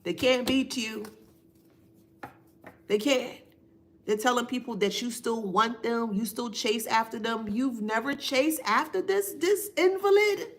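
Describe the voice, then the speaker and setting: Slow, emphatic woman streamer, high voice. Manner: emphatic, repeats phrases, reads viewer names aloud. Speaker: spiritual reader on a live stream. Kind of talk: casual live-stream reading.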